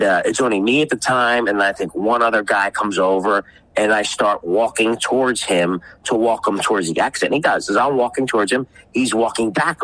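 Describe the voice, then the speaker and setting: A man's voice: lowish voice, a bit bright, poor audio. A man telling a rambling, profane story on a casual podcast, often acting out the people he quotes. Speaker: guest storyteller.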